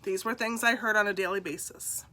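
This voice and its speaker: A middle-aged woman, congested, sharing a personal story on a live stream in a slow, heartfelt, confiding way and greeting viewers by name. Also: medium pitch, fairly even intonation, bright, forceful tone.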